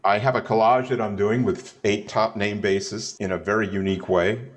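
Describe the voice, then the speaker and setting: A man's voice: on the low side, fairly even intonation. A man telling stories in a casual interview, chatty and joking, wandering from tale to tale. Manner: chatty, digressive, joking, does quick put-on voices in stories. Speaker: bassist guest.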